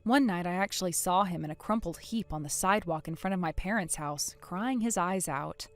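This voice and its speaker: A woman narrating a first-person story in a measured, matter-of-fact way. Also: medium pitch. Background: soft music.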